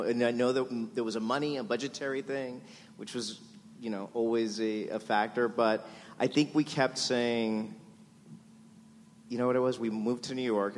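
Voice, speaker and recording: Halting low-voiced man in an echoing hall. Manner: halting, searching for words. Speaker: panelist, show creator. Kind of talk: casual panel chat. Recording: echoey hall with faint noise.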